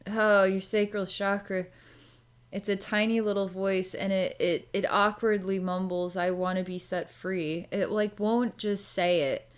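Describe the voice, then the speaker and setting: A woman's voice: mid-range voice, flat delivery, a little slow, clean tone. A woman psychic talking her way through a reading in a loose, rambling way, full of likes and ums. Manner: chatty, rambling, many filler words. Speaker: psychic reader. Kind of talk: casual spoken psychic session.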